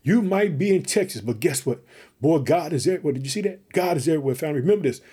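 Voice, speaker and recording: A man from Chicago preaches on his own podcast with fervent, repeated call-outs to his listeners. His voice is husky and dark-toned, sitting a little high for a man. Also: lively intonation, fast talker. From Chicago, Illinois. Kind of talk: sermon.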